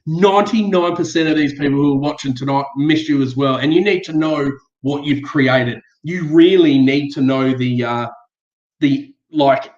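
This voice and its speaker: A man's voice: on the high side, normal speed, darkish tone. An Australian man guesting on a casual live-stream chat, earnest and blunt with plenty of swearing. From Western Australia. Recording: echoey dull video call.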